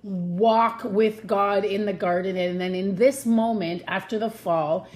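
A woman giving a casual devotional Bible talk from her home, earnest and chatty, slowing down to stress her points. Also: medium pitch, fairly even intonation, a little mellow. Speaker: Bible teacher.

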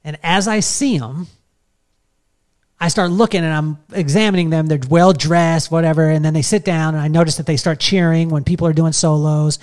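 A man's voice: fairly high pitch, fairly even intonation, moderate pace, a little mellow. A middle-aged man telling a long personal story in a casual, rambling way, full of fillers and restarts. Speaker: podcast host telling a story.

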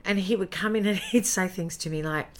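A middle-aged Australian woman, a former jingle singer, telling lively anecdotes in a casual interview and acting out the quotes. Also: medium pitch, fairly quick.

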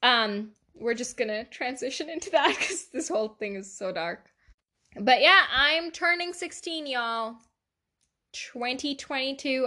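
A woman's voice: sits high, bright, forceful tone. A teenage girl hosting a casual solo podcast, chatty, swearing a lot and laughing often. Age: teens. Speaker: podcast host.

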